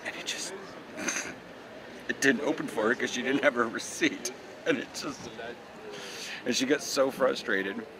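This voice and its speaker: A man's voice: on the low side, noisy background. A man chatting casually while walking and filming himself with a handheld camera, rambling through stories on a city street. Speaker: vlogger. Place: outdoors on a city street and in shops. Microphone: handheld camera, no tripod.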